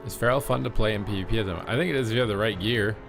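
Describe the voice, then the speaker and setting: A man giving casual, jokey commentary while playing an online game, often shouting and taunting opponents. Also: fairly low pitch, racing, creaky, music in the background. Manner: jokey, yells and taunts opponents in silly voices. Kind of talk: excitable gameplay commentary.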